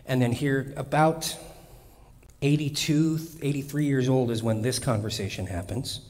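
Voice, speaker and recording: A man's voice: medium pitch, normal speed, darkish tone, long reverb tail. A man preaching a sermon in a conversational, humorous way, with frequent restarts.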